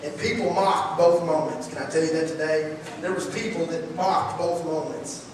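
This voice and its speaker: High-voiced preacher in an echoey church. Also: male voice, normal speed, a little hiss or hum. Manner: folksy, energetic, rhetorical questions. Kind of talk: sermon. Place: church sanctuary. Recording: echoey church hall, distant mic.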